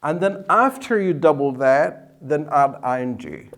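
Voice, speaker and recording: A male teacher explains grammar slowly and deliberately, repeating key words. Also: on the high side, expressive. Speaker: English teacher. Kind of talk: explaining at a whiteboard.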